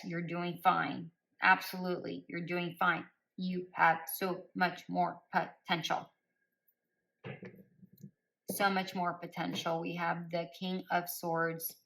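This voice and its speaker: Woman tarot reader, low voice, slow unhurried pace, repeats phrases, coaching tone. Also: a bit bright, low-quality recording. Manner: speaks directly to listeners by star sign. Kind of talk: spoken collective tarot reading.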